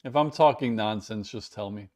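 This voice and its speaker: A man's voice: on the low side, moderate pace, a little mellow. An American man hosting a casual live stream, chatting and rambling in a self-deprecating way while reading viewer comments, recorded indoors at home. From United States.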